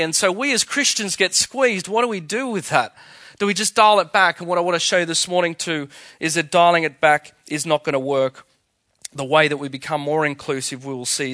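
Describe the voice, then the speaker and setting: A man's voice: a little high, pushed and bright, no echo. A man preaching a sermon, emphatic and full of rhetorical questions. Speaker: pastor.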